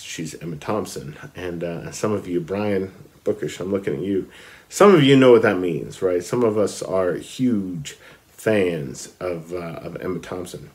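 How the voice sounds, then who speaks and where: A man talking casually about a book, full of fillers and restarts, with bursts of enthusiasm and lines read aloud. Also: on the low side. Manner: hesitant, many fillers, enthusiastic emphasis. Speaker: book vlogger. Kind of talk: casual talk about literature, reading passages aloud.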